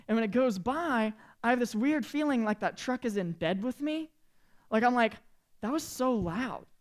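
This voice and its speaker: A man's voice: very high voice, normal speed. A youth pastor in his late twenties telling a humorous, chatty story to students, acting out the quotes. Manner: animated, chatty, acts out quotes with big swings in volume.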